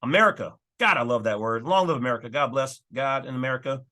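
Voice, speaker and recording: A man's voice: medium pitch, expressive, quick pace, pushed and bright. A man hosting his own channel, casually talking through and reading legal documents with folksy, emphatic asides. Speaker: channel host.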